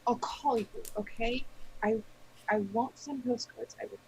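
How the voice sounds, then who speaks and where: A woman's voice: on the high side, steady tone, unhurried, a little mellow, slight background noise, rough recording. A woman voicing an anxious young witch student who stammers and pleads in a tabletop game. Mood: subdued.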